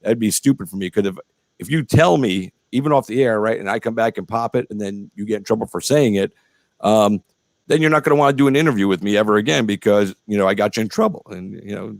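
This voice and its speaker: A middle-aged man hosts a relaxed interview show, chatting in long looping runs peppered with fillers and profanity. His voice sits low, and the dry recording has almost no room sound. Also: quick pace, gravelly, no room sound. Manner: rambling, profane, lots of fillers. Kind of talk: casual interview chat.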